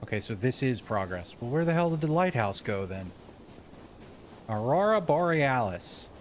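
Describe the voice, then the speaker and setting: A man's voice: mid-range voice, expressive, fairly quick, darkish tone, a little hiss or hum. An American man streaming a video game, chatting casually and reading in-game lore aloud, laid-back and a bit profane. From United States.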